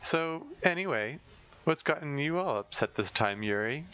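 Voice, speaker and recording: A man's voice: fairly high pitch, animated, normal speed, pushed and bright, smooth, muffled recording, pitched above the performer's own voice. A man voicing a desperate, sardonic teenage girl who leads a club, talking in a bitter, rambling, self-mocking way.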